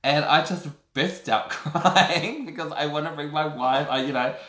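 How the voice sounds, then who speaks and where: A man's voice: a little high, a little slow. A man, telling a personal story to camera in a camp, theatrical way. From New Zealand. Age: 30s. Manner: animated, camp and theatrical, calls the audience girl and darlings. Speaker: vlogger. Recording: echoey room.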